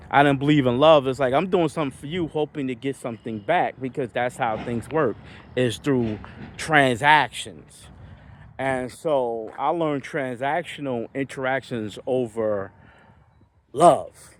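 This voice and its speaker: A man talking through his feelings in a reflective personal vlog, halting and searching for words. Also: mid-range voice. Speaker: vlogger.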